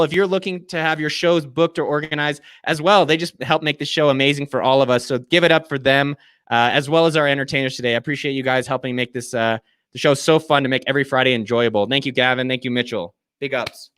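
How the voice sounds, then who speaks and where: A man's voice: medium pitch, steady tone, quick pace, a bit bright, clear, resonant tone, dry recording. A man hosting a casual live video show, enthusiastic and effusive as he thanks and plugs his guests. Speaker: host.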